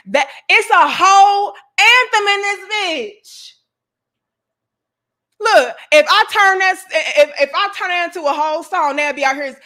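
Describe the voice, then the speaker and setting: A woman's voice: very high-pitched, expressive, measured pace, pushed and bright. A woman hosting a livestream, ranting in a profane, emphatic and exasperated way while reading chat comments. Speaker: host.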